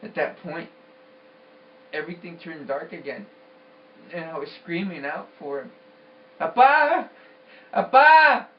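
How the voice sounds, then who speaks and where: A man's voice: fairly high pitch, fairly even intonation, normal speed, pauses often, distant mic, highs cut off, slight background noise. A man giving an intense, emphatic personal testimony about a vision. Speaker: storyteller.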